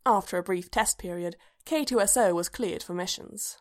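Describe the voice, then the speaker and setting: A woman narrates a story aloud in a measured, even-paced reading. Her voice sits at a typical middle pitch for a woman. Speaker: reader.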